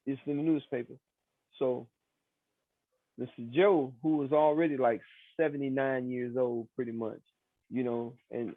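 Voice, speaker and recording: A man, recounting his story in an interview, animated, acting out the voices of other people. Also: mid-range voice, gravelly, dry recording. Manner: animated, acts out quoted voices, many fillers. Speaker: exoneree interviewee. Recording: tinny phone-like sound.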